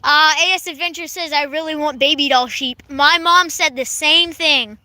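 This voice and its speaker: Woman, Kentucky accent, high voice, bright and sharp tone, livestream host reading chat comments aloud, giggly, outdoors on a horse farm. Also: fairly even intonation, moderate pace, dry recording. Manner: reads viewer comments aloud, giggly and chatty. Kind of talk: casual live-stream chat.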